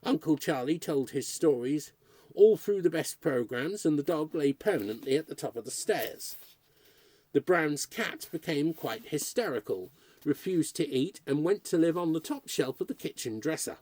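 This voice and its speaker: A man reading a short story aloud as narrator, in a lively, expressive storytelling manner. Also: fairly high pitch, normal speed, no room sound.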